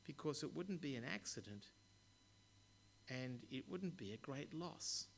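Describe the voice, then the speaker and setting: A man voicing a quiet, unsure little boy at the back of a classroom. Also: mid-range voice, lively intonation, a little slow, vocal fry, big-room sound, slight background noise.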